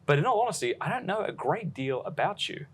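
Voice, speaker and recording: Chatty joking podcast host. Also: male voice, high voice, very animated, slight background noise. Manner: chatty, joking, quick asides. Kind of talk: casual interview chat with sponsor reads.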